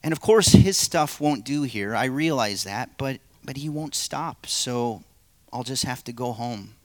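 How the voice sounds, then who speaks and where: A man's voice: mid-range voice, expressive, a little slow, dry recording, lightly acted. A male pastor acting a nervous, evasive man who stammers and makes excuses. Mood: nervous pleading. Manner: pleading, stammering, making excuses.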